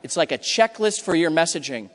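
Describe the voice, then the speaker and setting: A high-pitched man delivers a punchy, emphatic keynote in a large hall with long reverb. He is middle-aged and acts out customer quotes in quick asides. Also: lively intonation. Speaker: conference keynote speaker. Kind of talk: energetic conference talk. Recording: hall reverb from a big room.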